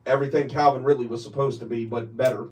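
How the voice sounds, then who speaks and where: A man co-hosting a casual sports talk show, rambling and excitable with lots of restarts. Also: mid-range voice, fast, recorded from a distance, low-quality recording.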